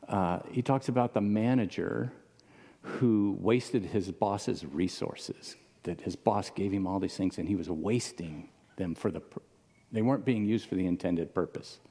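Male pastor, lowish mellow voice, casual conversational preaching with questions to the room, long hall reverb. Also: a little slow, slightly rough. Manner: casual, asks the audience questions. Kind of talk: conversational sermon.

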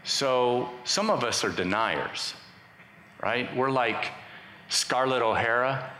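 A man's voice: mid-range voice, slow, bright, forceful tone, a little hiss or hum. A man preaching a sermon to a congregation, conversational and joking with the crowd. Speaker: pastor. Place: church sanctuary. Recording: echoey hall, faint ambience.

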